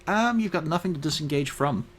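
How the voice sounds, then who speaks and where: A man's voice: fairly high pitch, lively intonation, brisk, crowd noise. A man narrating and refereeing a tabletop game in a casual, joking way. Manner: casual, swearing, laughing between calls. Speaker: dungeon master.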